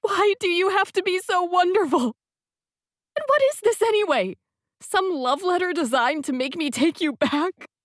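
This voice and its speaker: A woman reading the part of an emotional young woman, fiery and on the edge of tears, whose voice climbs high and pleading. The sound is close and dry, with nothing of the room behind it. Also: animated, normal speed, no echo. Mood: tearful. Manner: high, pleading, tearful outbursts. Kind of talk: audiobook dialogue reading.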